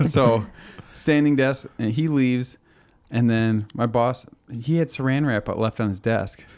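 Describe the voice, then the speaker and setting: A man hosting a podcast, chatting casually and telling stories in an animated way, laughing often as he goes. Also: mid-range voice, unhurried, smooth. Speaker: podcast host. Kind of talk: casual chat.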